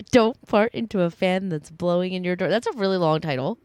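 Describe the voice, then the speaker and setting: A woman's voice: lowish voice, normal speed, a little mellow, no room sound. A woman co-hosting a podcast in casual chat, teasing and laughing often. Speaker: podcast co-host.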